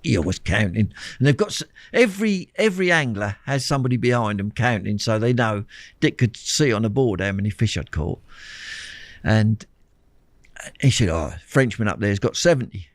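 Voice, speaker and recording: Older male guest, animated anecdotal delivery, dry recording. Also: on the low side, normal speed, no room sound. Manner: animated anecdotal storyteller, repeats words, laughs often. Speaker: guest, champion angler. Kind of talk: storytelling interview chat.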